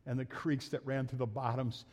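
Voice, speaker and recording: A man's voice: medium pitch, little pitch movement, moderate pace. Folksy pastor man preaching in a reverberant church. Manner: folksy, builds to loud emphatic peaks with quips. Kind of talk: sermon. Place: church sanctuary. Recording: long reverb of a church hall.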